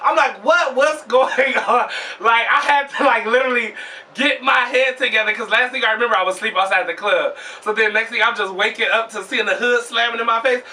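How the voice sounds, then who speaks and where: A young man telling a storytime vlog in a profane, animated way, acting out what people said. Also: very high-pitched, fast, distant mic. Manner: animated, profane, acts out quoted voices loudly.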